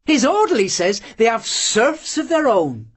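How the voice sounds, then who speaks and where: Reader doing a lively teasing village girl for an audiobook, gushy and nosy, voice jumps all over, kinda husky. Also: medium pitch, unhurried, voice pushed up. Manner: eager, gushing, teasing questions. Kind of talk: audiobook character voice.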